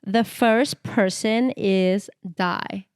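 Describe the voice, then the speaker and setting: A woman's voice: medium pitch, steady tone, very slow, clear, resonant tone. A young woman co-hosting a casual podcast chat, teasing her friend and laughing often. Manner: giggly, teasing, frequent laughter. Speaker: podcast co-host.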